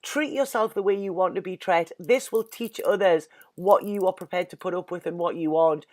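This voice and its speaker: A woman with an English accent gives an earnest, emotional tarot reading in casual speech, saying "you know" constantly and sounding near tears. Her voice is fairly low and a touch fast.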